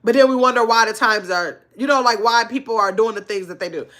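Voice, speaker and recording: An older woman hosts a casual livestream and talks with earnest, heartfelt directness. Her voice sits a little high, and her speech is loose and slangy. She reads viewer comments aloud as she goes. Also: fast talker, fairly bright tone. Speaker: livestream host.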